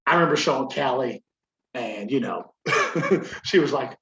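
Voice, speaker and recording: A man co-hosting a podcast in casual chat, telling stories in an animated, swearing, laughing way. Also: mid-range voice, measured pace, roomy sound, slight background noise, poor audio. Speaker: podcast co-host.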